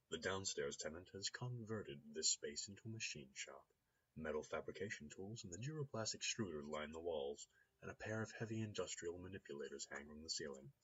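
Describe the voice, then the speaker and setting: A man's voice: low-pitched, pushed and bright. A man playing a story game, reading its descriptive text aloud with upbeat asides. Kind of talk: game playthrough narration. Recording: slightly dull lo-fi recording with faint noise.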